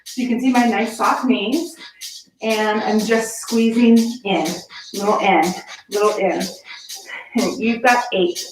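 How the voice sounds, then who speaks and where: A woman's voice: mid-range voice, slow pace, recorded from a distance, a little hiss or hum. A woman fitness instructor leading a home workout, upbeat and encouraging, counting reps while slightly out of breath. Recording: echoey room, voice from off-mic. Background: background music.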